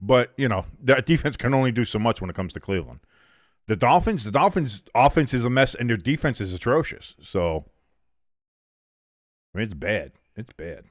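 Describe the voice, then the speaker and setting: A man's voice: medium pitch, very animated, moderate pace, dry recording, clean studio sound. A man hosting a live sports watch-along, rambling and teasing a friend between bits of play-by-play.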